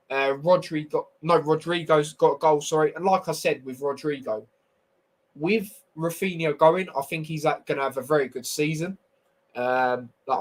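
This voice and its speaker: Blunt young football host. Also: male voice, fairly high pitch, rough recording. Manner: blunt opinionated banter, slangy. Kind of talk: casual football review livestream.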